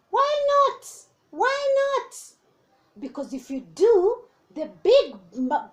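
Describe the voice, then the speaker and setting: Woman, teacher, storybook read-aloud, high voice, very lively, slow pace. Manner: expressive, animated, asides to young listeners. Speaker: teacher reading to children.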